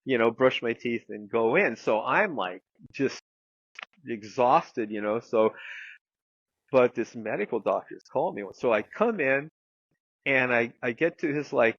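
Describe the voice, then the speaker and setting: Gravelly man rambling through a story. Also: mid-range voice, lively intonation, measured pace, a bit bright, no room sound, muffled recording. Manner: rambling anecdote with many fillers and some swearing. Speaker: guest therapist. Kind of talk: casual storytelling.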